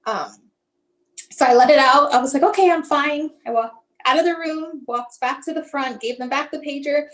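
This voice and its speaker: On poor audio, a high-voiced mother who is a guest recounts her son's story at a moderate pace. Her telling is emotional and chatty, full of "like," with others' words acted out and phrasing that breaks off and restarts as feelings rise.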